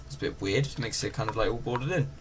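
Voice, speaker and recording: Over music, a medium-pitched man talks at a quick pace as a gaming channel host. His commentary on a farming game is casual, chatty and rambling, packed with fillers. Ocean noise from the game can be heard behind him.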